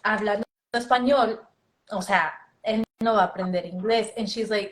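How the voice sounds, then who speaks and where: A young woman chatting casually as a guest, telling animated stories and slipping between English and Spanish. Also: mid-range voice, fairly quick, rough recording. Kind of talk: casual chat.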